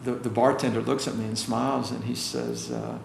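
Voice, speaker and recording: A gravelly, mid-range voice moves briskly as an American chiropractor tells stories in a laid-back interview. Lively and expressive, he voices the characters he quotes, captured in a roomy recording with faint background noise.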